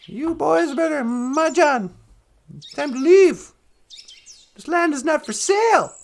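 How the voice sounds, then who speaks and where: A man putting on a high, over-earnest voice for a heroic agent in a comic retelling. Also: expressive, slow, gravelly, full character voice. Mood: mock heroic.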